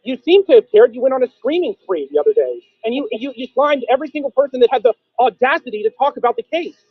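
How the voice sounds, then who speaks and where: A man hosting a call-in stream, grilling a caller with sarcastic, accusing rapid-fire questions. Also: very high voice, very animated, breathy edge, no echo, lo-fi sound. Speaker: stream host. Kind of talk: heated confrontational call-in argument.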